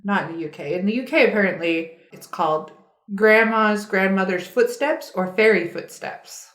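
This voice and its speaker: A woman's voice: mid-range voice, moderate pace, fairly bright tone. A woman co-hosting a podcast in casual chat, reading out facts from a web page as she talks. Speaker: podcast co-host. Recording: roomy echo.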